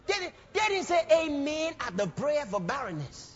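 A man preaching a fervent sermon, now and then rising to shouts and acting out the people he quotes. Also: very high-pitched, expressive, normal speed. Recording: reverberant hall, dull sound, music behind.

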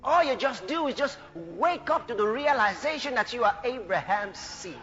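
High bright-voiced guy preaching hard, shouts and laughs, muffled recording with faint music behind. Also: expressive, long reverb tail. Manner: fervent, shouting exclamations, quick laughs, acts out scripture voices. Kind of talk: sermon.

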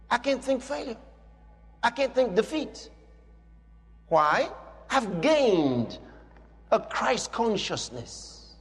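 High-pitched preacher guy, big echoey church, bit of music under him, hammers the same lines over and over. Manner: emphatic, repetitive declarations. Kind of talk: sermon. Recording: long hall reverb with music.

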